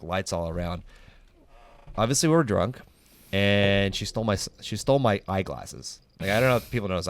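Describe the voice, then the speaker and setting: Lively low-voiced young man hosting a podcast. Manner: rambling, filler-heavy storytelling. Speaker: podcast host. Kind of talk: casual chat.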